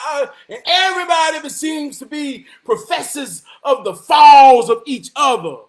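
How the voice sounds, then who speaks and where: Very high-voiced man preaching real talk. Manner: emphatic, profane, often raises voice to a shout; repeats key lines slowly for weight. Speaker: motivational vlogger. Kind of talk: preachy motivational monologue.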